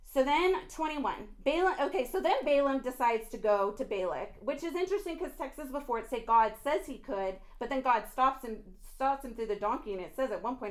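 A young woman with a high voice preaches a fiery sermon. She drops into low, intense scolding, then breaks into loud, laughing outbursts. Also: animated, normal speed, hardly any pauses. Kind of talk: impassioned sermon.

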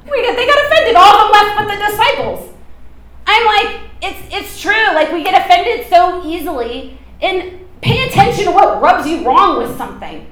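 A woman preacher giving an informal, emphatic sermon, animated and often laughing. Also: extremely high pitch, moderate pace, reverberant.

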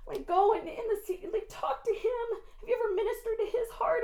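A young woman with a high voice preaches a fiery sermon. She drops into low, intense scolding, then breaks into loud, laughing outbursts. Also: brisk, hardly any pauses. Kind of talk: impassioned sermon.

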